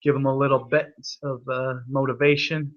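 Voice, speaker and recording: A man's voice: mid-range voice, level tone, moderate pace, highs cut off. A young man hosting an online hangout, telling a rambling, profane story full of restarts. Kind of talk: rambling casual chat.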